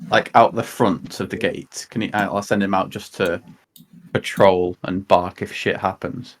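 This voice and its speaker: A man's voice: low-pitched, steady tone, measured pace. A man playing a tabletop game, rambling and correcting himself as he goes. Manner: unsure, rambling, self-correcting. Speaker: player.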